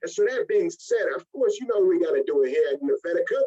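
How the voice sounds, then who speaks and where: Fast and husky, a man with a high-pitched voice leads a motivational business training in dull-sounding audio. He works as a network marketing trainer and animatedly acts out scenes in other voices.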